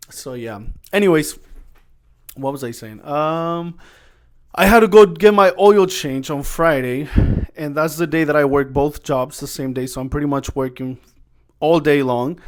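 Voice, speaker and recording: A young man hosting a solo podcast, chatting casually and rambling through a personal story, often correcting himself and acting out what people said. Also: medium pitch. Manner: rambling storyteller, self-correcting, acts out quoted exchanges. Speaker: podcast host.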